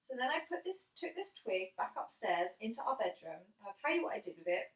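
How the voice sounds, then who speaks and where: A woman on a livestream reading a children's story aloud in an animated, expressive way. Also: on the high side, a little fast. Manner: animated, expressive, laughs easily. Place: home near a fire. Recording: echoey room, mic at a distance.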